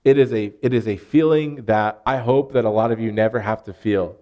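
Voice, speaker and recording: A man's voice: lowish voice, brisk, muffled recording. A man in his thirties from Arkansas with a Southern US accent, preaching a sermon in an earnest, conversational way with rising emphasis. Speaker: pastor.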